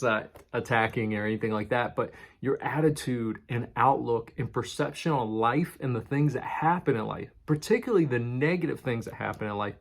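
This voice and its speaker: A man's voice: mid-range voice, gravelly, breathy edge. A male pastor giving a casual, conversational sermon and stressing key words by repeating them. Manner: conversational, emphatic with repetition. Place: church in New York City.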